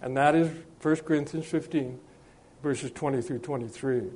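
Mellow-voiced man preaching with halting pauses. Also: medium pitch, fairly even intonation, slightly rough. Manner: measured, with frequent hesitations and restarts; slows and lifts his voice when reading scripture. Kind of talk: sermon.

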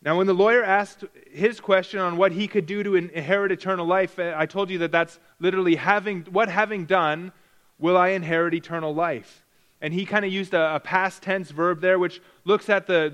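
Fairly high-voiced male preacher teaching. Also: steady tone, fairly bright tone, muffled recording. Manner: deliberate, stresses key words through repetition; frequent restarts and self-corrections. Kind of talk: verse-by-verse Bible teaching.

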